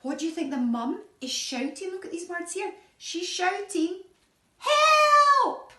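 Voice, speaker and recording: A woman reads a picture book aloud to little children, her high voice swooping up and down in sing-song storytelling. She takes her time with the words. The sound is echoey, and she is a little way off from the mic. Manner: animated, sing-song storytelling with gasps and questions. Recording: echoey room, voice from a distance.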